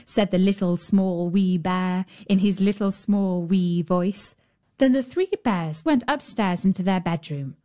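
A woman storyteller reading a fairy tale aloud in a gentle, measured, expressive way. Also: fairly low pitch. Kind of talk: scripted storybook narration. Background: soft violin music.

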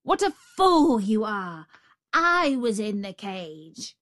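A woman voicing a savage, impatient male tiger with a loud, bossy, blustering manner. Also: sits high, big pitch swings, drawn-out words, dry recording, clean studio sound, pitched above the performer's own voice, full character voice. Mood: scornful.

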